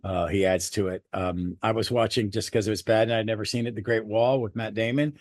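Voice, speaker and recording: A man co-hosting a podcast, chatting casually about a superhero movie, rambling and swearing freely with animated bursts. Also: lowish voice, a little fast, no room sound, studio quality. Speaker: podcast co-host. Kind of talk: casual movie review chat.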